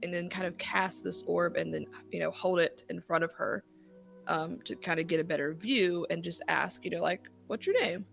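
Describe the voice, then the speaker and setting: A woman player in a tabletop game, thinking aloud, hesitant and excitable. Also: fairly low pitch, moderate pace, gravelly, faint music behind.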